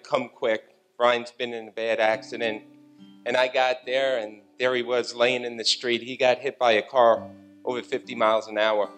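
A man's voice: mid-range voice, fairly bright tone. A middle-aged man giving an earnest personal testimony on a church stage.

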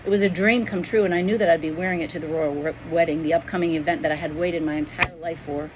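A woman's voice: low-pitched, fairly even intonation, quick pace, noisy background. A woman reading her own spiritual vision as a Christian storyteller in earnest, devout, emotional narration.

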